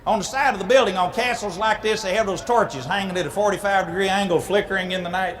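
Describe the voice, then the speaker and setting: A man's voice: high-pitched, steady tone, fast talker, fairly bright tone, long reverb tail. A man telling a comic fairy tale in a folksy, playful way, adding vocal sound effects. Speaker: speaker at church ladies' night. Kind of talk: comic storytelling.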